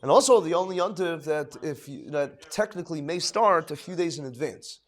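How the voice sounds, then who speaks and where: A middle-aged man, a rabbi giving an informal Torah lecture, rambling with many restarts, dropping Hebrew and Yiddish terms into English, swinging between hushed and emphatic. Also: on the high side, lively intonation, brisk. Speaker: rabbi teaching a class.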